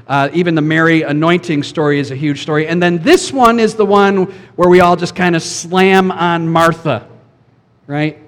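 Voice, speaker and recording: Pastor guy giving a chatty sermon, kinda high voice, long echo off the church hall. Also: normal speed. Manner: conversational, asks the congregation questions. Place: church sanctuary.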